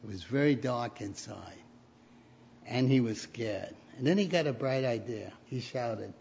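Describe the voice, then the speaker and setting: A man's voice: mid-range voice, lively intonation, a little slow, gravelly, darkish tone, slight background noise. A man preaching a sermon, telling stories and rising to emphatic peaks. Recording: dull lo-fi recording.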